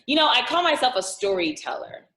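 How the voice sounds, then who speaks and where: A woman from Louisiana, an actress, chatting as an interview guest in an animated way, laughing often and acting out quotes. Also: fairly high pitch, fairly quick, roomy sound, noisy background. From Louisiana, USA. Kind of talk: casual interview chat.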